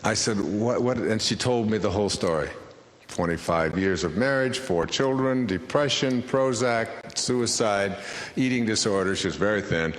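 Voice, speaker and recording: A man's voice: on the low side, normal speed. A man, a spiritual speaker and author, telling a story to an audience in a wry, conversational way, recorded in an echoey lecture hall.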